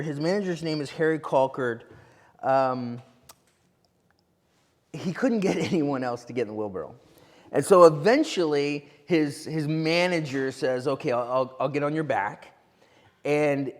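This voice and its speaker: A man preaching a sermon as pastor, telling a story with lively asides. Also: on the high side. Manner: animated storytelling with quick asides. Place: church sanctuary. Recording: long reverb of a church hall.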